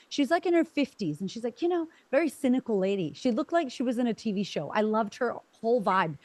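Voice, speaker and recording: An Australian woman sales trainer tells stories on a video call, enthusiastic and animated. Her voice sits fairly high. The sound is dry and close. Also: quick pace, hardly any pauses, no room sound.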